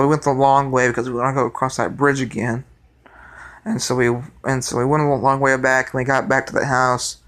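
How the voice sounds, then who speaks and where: A young man telling a story from his life in a rambling, excitable way, with many restarts. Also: mid-range voice. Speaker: vlogger. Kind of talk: casual storytelling.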